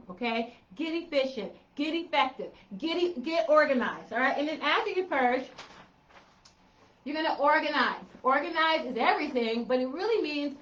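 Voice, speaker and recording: Middle-aged woman organizer, high bright voice, playful and chatty, roomy and slightly dull sound. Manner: chatty, playful, repeats points for emphasis. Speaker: professional organizer. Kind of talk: casual tips vlog.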